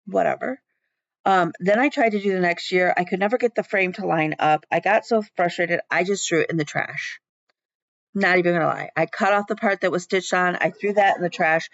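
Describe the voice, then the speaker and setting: A woman's voice: lowish voice, dry recording, highs cut off. A woman vlogging about her stitching at home in a rambling, chatty way, with many ums. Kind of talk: casual chat.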